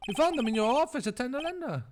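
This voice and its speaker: A man's voice: very high voice, animated, quick pace, noisy background, pitched above the performer's own voice. A man reading as an earnest young defense lawyer. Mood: confrontational. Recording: background music.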